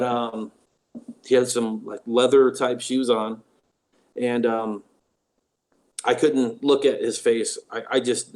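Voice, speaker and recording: A man, a paranormal investigator, telling a personal story as an interview guest, pausing often with ums and restarts. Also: medium pitch. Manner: halting, with frequent ums and restarts.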